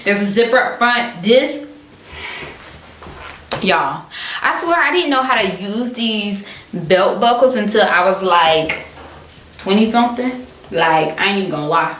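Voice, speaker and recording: A woman's voice: medium pitch, animated, moderate pace, fairly bright tone. Gushing young woman vlogger, echoey room. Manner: dramatic, gushing, addresses viewers as y'all. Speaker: fashion vlogger. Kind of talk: excited unboxing chat. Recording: roomy echo, mic at a distance, faint noise.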